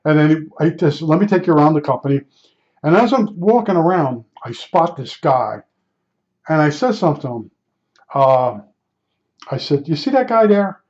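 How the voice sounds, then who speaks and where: A man's voice: a little high, animated, normal speed, long pauses, a little mellow. An older man from New Jersey telling a rambling personal anecdote in a casual, conversational way, full of fillers and restarts. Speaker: storyteller. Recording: dull lo-fi recording.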